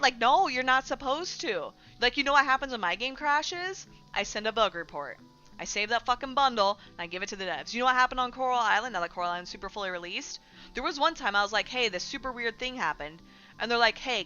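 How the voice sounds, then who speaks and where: A woman's voice: a little high, expressive, brisk, bright, forceful tone, clear, resonant tone. A young woman streaming casually to her chat, ranting with lots of swearing and mocking gamers in silly put-on voices. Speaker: streamer discussing game news. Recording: slightly dull lo-fi stream audio with faint music.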